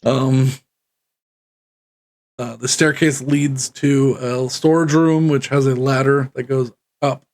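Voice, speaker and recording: A man's voice: mid-range voice, flat delivery, slow pace, darkish tone. A man narrating as game master of a tabletop game, rambling loosely and laughing often.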